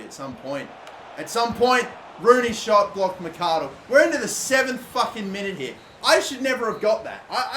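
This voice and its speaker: A young man commentating his own football video game match, swearing and exasperated, shouting at his players' mistakes. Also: sits high. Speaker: gaming YouTuber. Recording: echoey room with faint noise.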